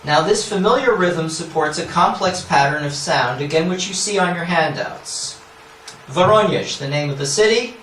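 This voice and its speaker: A man's voice: on the high side, a bit bright, a little hiss or hum. A man giving an academic lecture, explaining scholarly points with asides and frequent "yeah?" checks to the audience. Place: lecture hall. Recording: echoey lecture hall, mic at a distance.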